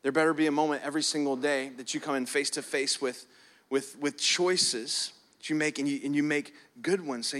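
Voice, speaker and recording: A man's voice: fairly high pitch, fairly quick. A man preaching a sermon as pastor in a church, earnest, often repeating words and stretching them out for emphasis. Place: church hall. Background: soft keys playing.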